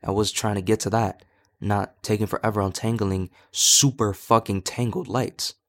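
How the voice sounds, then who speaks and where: Young male podcast host, low voice, candid rambling storyteller, swears freely. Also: steady tone, normal speed. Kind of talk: personal storytelling monologue.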